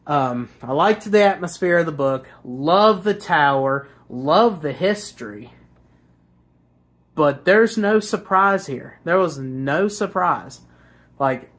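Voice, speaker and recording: A book reviewer rambling casually through a plot, crude and sarcastic, with filler words and restarts. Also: mid-range voice.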